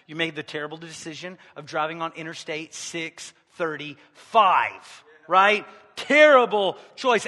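A man preaching a sermon in a church, joking with the congregation and swinging between loud, emphatic lines and quiet asides. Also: high voice, big-room sound. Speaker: pastor. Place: church sanctuary.

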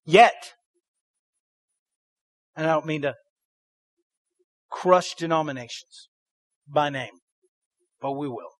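A man preaches with a high, ringing voice and a dry, close sound. He fires off rhetorical questions and has the congregation repeat his lines back to him. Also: slow pace, long pauses, dry recording. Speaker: pastor. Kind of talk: sermon.

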